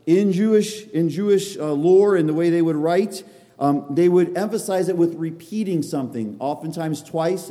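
High-voiced man preaching in a reverberant hall. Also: warm tone. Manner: earnest, emphatic, with repetition. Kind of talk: expository sermon. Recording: long reverb of a large hall.

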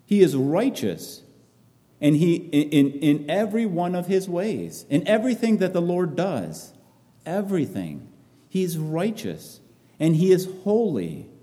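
Male preacher, very dark mellow tone, echoing hall, earnest halting delivery. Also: high voice, sing-song. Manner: repetitive, halting, earnest phrasing. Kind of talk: sermon, reading and expounding scripture.

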